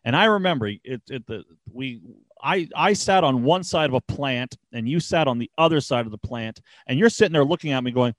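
A man's voice: medium pitch, brisk, no echo. A man hosting a podcast, casually telling a road-trip story, swearing often and acting out the dialogue. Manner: animated, swears freely, acts out dialogue. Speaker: podcast host.

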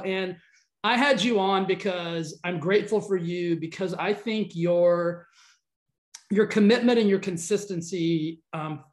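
A man's voice: sits high, reverberant. A man from the American South with a Southern twang, hosting a podcast in an upbeat, rambling way. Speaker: podcast host. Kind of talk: casual interview chat. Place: California.

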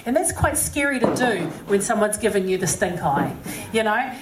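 Speaking to a live crowd, this New Zealand-accented singer tells a personal story and offers encouragement, peppering her chatty, self-deprecating talk with "you know." Her medium-pitched voice swings widely in pitch at normal speed, in a reverberant space with a noisy background.

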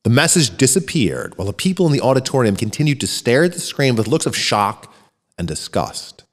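A male storyteller reads a short story with a lively, rising and falling voice. He belts out the characters' shouts. The voice rings with a long reverb, as in a hall. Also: mid-range voice, brisk. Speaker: narrator. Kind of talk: scripted narration of a short story.

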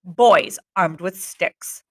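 A woman's voice: fairly low pitch, extremely slow, gravelly, heavily acted. A woman voicing a frustrated, anxious boy leader in a read-aloud novel, her delivery tense and often raised.

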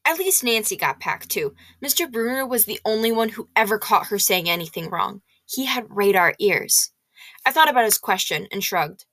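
A woman reading a novel aloud in the first person, lively and expressive. Her voice is bright and forward. The sound is dry and close, with no room echo. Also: medium pitch, moderate pace. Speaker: audiobook reader.

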